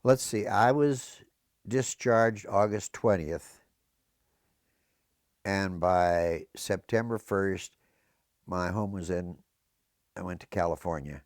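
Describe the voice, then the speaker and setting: This older American veteran talks slowly in a deep voice, pausing often, as he recounts his service for an oral history interview. He wanders off into historical tangents, and the studio-quality recording has no room sound.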